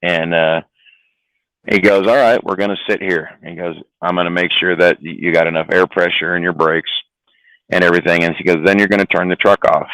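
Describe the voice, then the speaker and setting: Gruff-sounding low male trucker, swears freely, dry close sound. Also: fairly even intonation, a little fast, a bit bright, no echo, rough recording. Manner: rambling, profane, repeats words. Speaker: trucker guest. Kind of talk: casual storytelling on a live stream.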